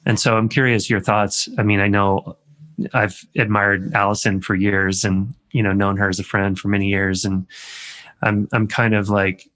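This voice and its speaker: Deep voiced host guy on a podcast, pretty monotone, lots of ums while he thinks out loud. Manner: slow, searching, many ums. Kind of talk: podcast interview.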